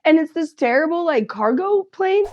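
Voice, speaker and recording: A woman comedian giving a sarcastic, animated movie recap. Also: extremely high pitch, normal speed, dull audio, faint music behind.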